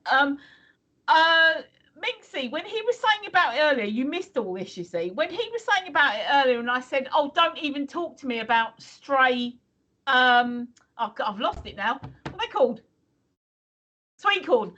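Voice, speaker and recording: A woman's voice: high-pitched, sing-song, normal speed, bright, forceful tone, highs cut off. A woman in her fifties or sixties co-hosting a casual livestream, teasing and laughing as she chats. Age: 50s or 60s. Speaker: stream co-host.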